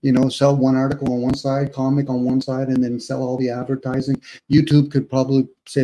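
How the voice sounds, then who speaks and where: A man's voice: mid-range voice, steady tone, fairly quick, mellow, poor audio. A man on a live online panel, reflecting at length with everyday analogies and often addressing the host. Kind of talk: casual live-stream chat.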